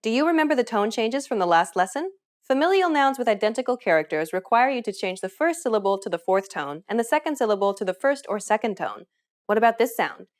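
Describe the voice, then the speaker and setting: A woman's voice: fairly high pitch, lively intonation, quick pace. A woman narrating a scripted language lesson in an upbeat, encouraging way. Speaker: language teacher.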